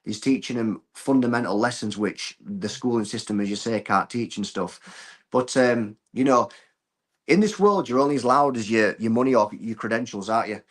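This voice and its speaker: A man, a martial arts coach chatting as a podcast guest, telling stories in a blunt, earthy, animated way. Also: lowish voice, moderate pace. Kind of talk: casual podcast chat.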